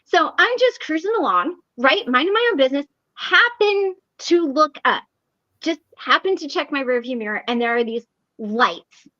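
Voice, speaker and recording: A woman hosting a recovery meeting, telling a story in a casual, animated way and laughing often. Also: sits high, moderate pace, no room sound, lo-fi sound.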